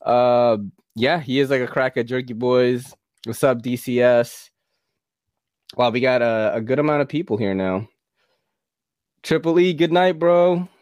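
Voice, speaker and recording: A man's voice: mid-range voice, measured pace, long pauses, a little mellow, no room sound. A man hosting a casual livestream, chatting loosely, swearing and laughing as he plays clips. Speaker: livestream host.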